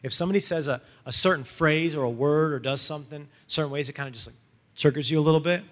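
A man preaching a sermon, telling the story in a lively, casual way and acting out quotes in everyday slang. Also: fairly high pitch, fast talker, long reverb tail. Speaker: pastor.

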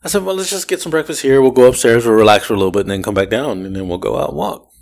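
A man hosting a podcast, telling a story in casual chat, animated and profane, laughing often and imitating the people he describes. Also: medium pitch, rapid-fire, vocal fry. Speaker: podcast host.

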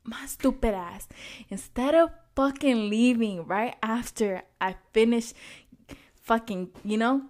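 A woman's voice: fairly high pitch, takes it slowly, a little mellow. A young woman speaks with blunt, profane candor as she co-hosts a podcast. She tells her story animatedly, piling up swear words. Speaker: podcast co-host. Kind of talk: candid casual chat.

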